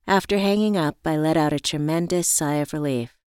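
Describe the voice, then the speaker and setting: A woman narrating a first-person story in a reflective, measured way. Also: low-pitched, a little mellow, clean tone, no room sound, studio quality.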